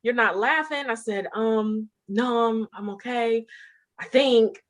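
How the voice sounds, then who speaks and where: A woman telling how she met her partner in a casual interview, animated and laughing as she goes. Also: a little high, slow. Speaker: interview guest.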